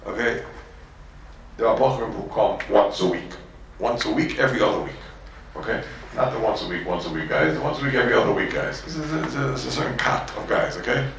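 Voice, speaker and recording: A man's voice: fairly low pitch, expressive, fairly quick, creaky, a bit bright, very echoey, distant mic, a little hiss or hum, rough recording. A man from Borough Park giving a Torah class to yeshiva students, repeating words and acting out quotes, peppered with Yiddish and Hebrew terms. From Borough Park, New York. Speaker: rabbi teaching a yeshiva class.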